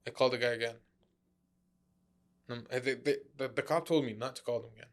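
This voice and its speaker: Animated man telling a story. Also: medium pitch, fast. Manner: animated, acts out quotes, stumbles over words. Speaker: podcast guest. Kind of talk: casual storytelling.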